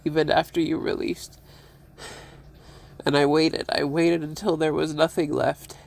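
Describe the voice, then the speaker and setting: A tearful man speaks an emotional personal monologue in a slow, unhurried rhythm. His voice has a gravelly edge, and he stops often to repeat himself, with sighs and soft laughs between his phrases. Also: fairly high pitch, flat delivery.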